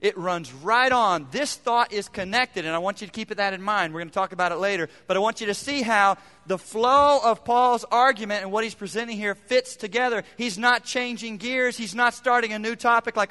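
A male pastor preaches to his congregation, driving points home by repeating them. His voice sits high and sounds bright and forceful. The sound carries a long reverb from the church hall. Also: brisk, few pauses, clean tone. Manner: emphatic, repeats phrases for effect. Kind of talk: sermon. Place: church sanctuary.

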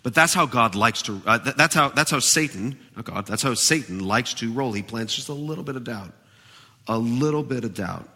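A man pastor preaching a sermon, animated and emphatic, in a church with a long reverb. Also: medium pitch, normal speed, slightly rough.

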